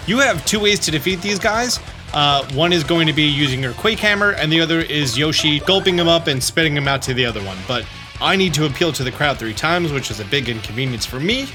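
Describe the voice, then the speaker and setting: A man's voice: on the high side, animated, fairly quick, over music. A man giving chatty, upbeat walkthrough commentary at home, often reading game text aloud. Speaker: gaming YouTuber.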